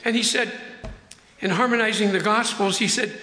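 An older man preaches a sermon in a church sanctuary, his voice high and bright. He acts out the quotes and drags out key words for emphasis. The room rings with a long, echoey reverb. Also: steady tone, moderate pace. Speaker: pastor. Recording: echoey hall.

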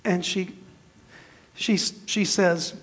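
A man's voice: high-pitched, extremely slow, husky. A man in his fifties, a pastor preaching a sermon and telling a personal story in a jokey, self-deprecating way. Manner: animated, shifts between loud and soft.

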